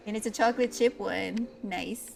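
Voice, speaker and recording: A woman's voice: mid-range voice, creaky. Playful young woman streamer chatting. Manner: playful and chatty, talks to viewers by name. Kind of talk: casual live-stream chat with chat.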